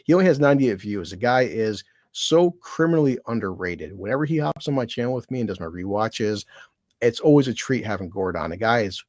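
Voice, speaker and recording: A man's voice: on the low side, lively intonation, brisk, darkish tone, no room sound. A man chatting casually on a livestream, rambling and swearing freely, with self-deprecating asides and laughs between remarks. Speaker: streamer thanking fellow creators.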